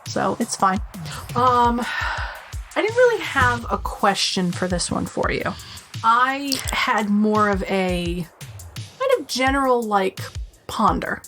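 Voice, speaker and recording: Blunt, quick-talking Rhode Island woman. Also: fairly high pitch, big pitch swings, fairly bright tone, soft background music. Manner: blunt, swears, quick asides. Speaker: podcast co-host. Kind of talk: casual chat.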